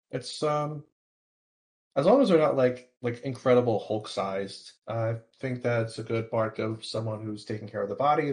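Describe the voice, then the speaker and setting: A man chatting casually as a podcast guest, hesitant with many ums and restarts. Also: medium pitch. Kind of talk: casual chat.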